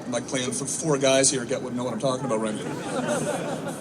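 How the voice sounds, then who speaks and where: A man's voice: medium pitch, huge pitch swings, moderate pace, crowd noise. A man in his thirties doing a rambling stand-up comedy set for troops, acting out voices and swearing a lot. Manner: rambling storytelling, acts out voices, frequent swearing. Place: outdoor military base show. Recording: far-off mic, noisy open-air ambience.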